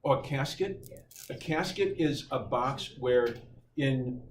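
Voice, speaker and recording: A middle-aged man teaching a calculus class, lively and joking with his students. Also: mid-range voice, takes it slowly. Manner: lively, playful, jokes with students. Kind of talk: classroom lecture. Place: high school classroom. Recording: echoey classroom from far off, noisy.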